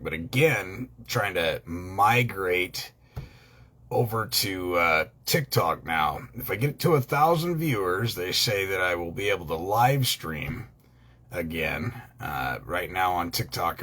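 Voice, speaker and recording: A man with a very deep voice but a bright, forceful edge talks loosely to his viewers. He rambles with lots of ums and uhs and swears bluntly now and then. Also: breathy edge. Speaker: online law educator. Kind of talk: casual talk to viewers.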